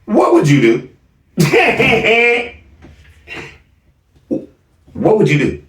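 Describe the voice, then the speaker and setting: A man's voice: a little high, very animated, a little slow, pauses often, a bit bright. A male vlog host giving sarcastic, laughing reaction commentary. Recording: echoey room, distant mic.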